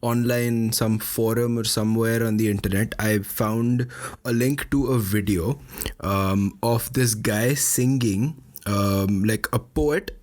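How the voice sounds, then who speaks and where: A young man in his twenties with a lowish voice, chatting casually on a podcast. He tells his story in a meandering way, circling back and hedging as he goes. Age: 20s. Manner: meandering storytelling with frequent hedges. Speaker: podcast co-host.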